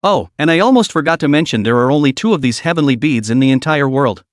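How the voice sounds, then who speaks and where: Guy reading a chill confident rich young dude, lively up and down, dry close sound. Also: mid-range voice, fast talker, no room sound, natural voice. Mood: assured. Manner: composed, assured.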